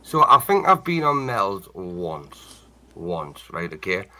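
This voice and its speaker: A man's voice: low voice, sing-song, takes it slowly, crowd noise. An Englishman on a livestream panel, brash and profane, talking over the others in heated chat. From England. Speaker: panel guest.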